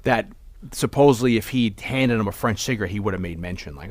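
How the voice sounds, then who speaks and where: A man co-hosting a movie podcast, talking in a rambling, animated way with many restarts. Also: fairly low pitch, fast, no room sound. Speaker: podcast co-host. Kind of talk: casual movie discussion.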